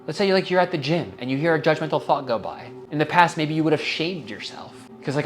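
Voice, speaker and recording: A man's voice: on the high side, expressive, fairly quick, hardly any pauses, soft background music. A young adult man hosting a wellness talk, speaking earnestly and casually about healing, with the odd swear and open emotion. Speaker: wellness podcast host. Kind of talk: heartfelt self-help monologue.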